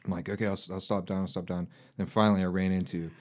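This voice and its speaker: Deep-voiced male podcast host, supportive and loose. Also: flat delivery, fast talker. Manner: warm-hearted, supportive, rambling. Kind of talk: casual podcast conversation.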